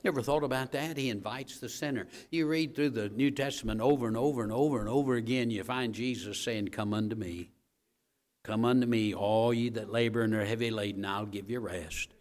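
Preaching in a down-home, chatty style, this male minister keeps tossing quick remarks to the congregation. He restates his main lines, often sinking low and quiet, then climbing to booming, emphatic bursts.

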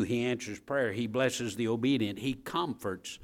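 Folksy preacher man, hushed then booming. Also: unhurried. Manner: repeats key phrases, swings from hushed low lines to loud emphatic bursts; folksy asides to the congregation. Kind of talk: sermon.

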